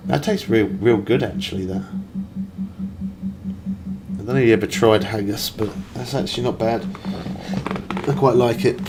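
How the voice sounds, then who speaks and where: A man's voice: lowish voice, moderate pace, pauses often, crowd noise. A man streaming a game live, chatting and rambling as he reads viewer messages aloud. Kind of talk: casual live-stream chat. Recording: steady background noise.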